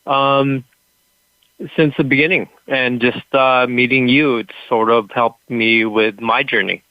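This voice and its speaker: A man calls into a live show and talks in halting, stumbling phrases, his mouth still numb from the dentist. His voice sits at a middle pitch. It comes through a dull, muffled call line that has no room sound at all. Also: steady tone, no echo. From California. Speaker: caller.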